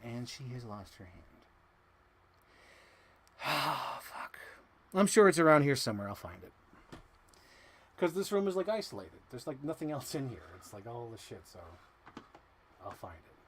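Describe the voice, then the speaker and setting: A man's voice: mid-range voice, sing-song, moderate pace, pauses often, slight background noise. A man casually chatting on a live stream, rambling and talking to himself while he arranges things.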